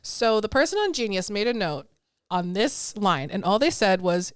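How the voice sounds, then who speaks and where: A woman's voice: mid-range voice, very animated, moderate pace, smooth, dry recording, clean studio sound. A woman co-hosting a podcast, chatting casually with a friend, laughing often and poking fun at herself. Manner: giggly, self-mocking, reads lyrics aloud. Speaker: podcast co-host. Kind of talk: casual chat.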